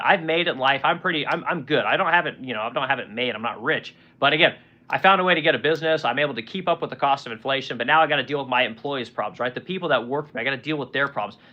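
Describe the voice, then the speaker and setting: A man's voice: medium pitch, lo-fi sound. A man in his forties hosting a livestream, ranting bluntly and profanely with lots of rhetorical questions while reading chat comments. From United States. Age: 40s. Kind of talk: casual political rant.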